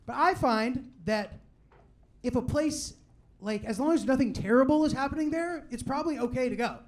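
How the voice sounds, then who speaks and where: High-voiced rambling young stand-up comic. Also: male voice, expressive. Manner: rambling and conversational, lots of "like" and "you know what I mean"; quotes people in quick asides. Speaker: stand-up comedian. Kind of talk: stand-up set. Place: live comedy venue with audience.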